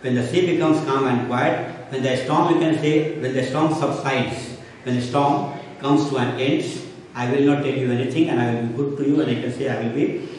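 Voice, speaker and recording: A man's voice: medium pitch, a little mellow. Man teaching in an echoey room. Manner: repeats and paraphrases constantly, filler phrase after nearly every clause. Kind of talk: explaining a play line by line. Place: school classroom. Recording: echoey room, mic far off, faint noise.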